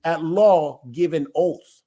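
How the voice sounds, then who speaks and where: A man's voice: fairly high pitch, slow pace, warm tone. A man, an elder of a small ministry, teaching his viewers informally and emphatically, often asking a rhetorical question and then answering it himself.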